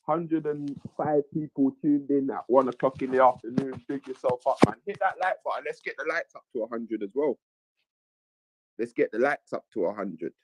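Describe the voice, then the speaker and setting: A man's voice: medium pitch, moderate pace, no echo, poor audio. A man hosting a casual livestream, reading viewers' messages aloud and repeating his own phrases. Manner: reads chat aloud, repeats himself, chuckles. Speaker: livestream host.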